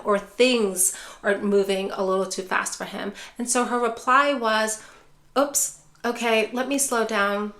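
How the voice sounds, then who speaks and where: A woman who teaches dementia care, speaking straight to viewers and often calling them care partners. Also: on the high side. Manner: calm, repeatedly addresses viewers as care partners. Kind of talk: direct-to-camera teaching.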